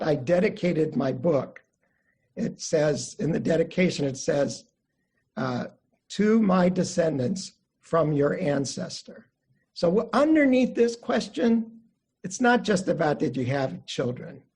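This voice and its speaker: An older man leads an online study class, his voice pitched a little high and slightly husky. He tells family stories in a friendly, conversational way and livens up the voices he quotes. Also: a little slow. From United States (Midwest). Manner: warm anecdotal storytelling, animated quotes. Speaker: Jewish studies teacher. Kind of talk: online class lecture with storytelling.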